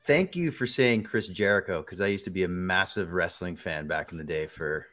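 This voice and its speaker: A man's voice: sits low, normal speed, fairly bright tone. Jokey, rambling man on a video call. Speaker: voice actor guest. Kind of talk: casual interview answer.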